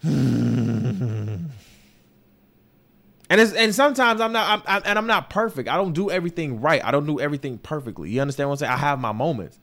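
A man's voice: a little high, very animated, brisk, creaky, long pauses, fairly bright tone. A young man hosting a podcast, speaking candidly and emotionally in a personal monologue, swearing often and circling back on his words. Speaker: podcast host. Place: New York.

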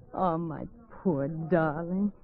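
An actress playing a young woman who is secretly investigating a suspected murderer, speaking in a breathy, hesitant, stammering way, in 1940s radio drama style. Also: fairly high pitch, a little hiss or hum, close to an everyday voice. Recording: tinny 1940s radio broadcast with music.

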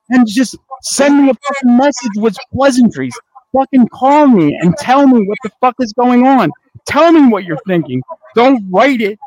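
A man with a strikingly high voice, angry and profane, lecturing someone in a heated on-air argument. The sound is dry and close, with no room around it. He keeps telling the other man to grow up. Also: a little mellow, no echo, poor audio. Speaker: network owner.

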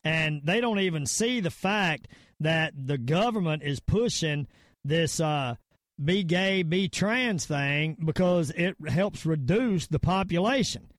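A middle-aged man with a Southern US drawl hosts a casual podcast. He rambles, stumbles over repeated words and leans hard on his points. His voice sits a touch high for a man and sounds close and dry. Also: lively intonation, takes it slowly, no echo. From Virginia / North Carolina area, US. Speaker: podcast host. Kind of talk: casual podcast rant and sign-off.

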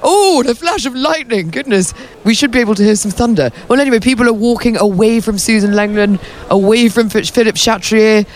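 A man's voice: high voice, fairly even intonation, brisk, few pauses. A man hosting, chatty and playful, interviewing people and reporting outdoors at a tennis venue in the rain. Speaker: host. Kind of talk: casual interviewing and on-the-spot reporting.

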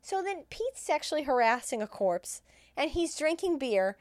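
A woman's voice: high voice, very animated, normal speed, no room sound. Laughing woman recapping a film, crude. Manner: crude, laughing, acts out characters' lines. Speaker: podcast co-host recapping a film. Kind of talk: casual comedic chat.

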